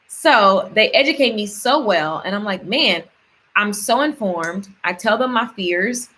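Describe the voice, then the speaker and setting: A woman's voice: mid-range voice, sharp tone. Upbeat woman, casual motivational vlogger, chatty, repeats words to stress them. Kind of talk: casual motivational vlog with affirmations.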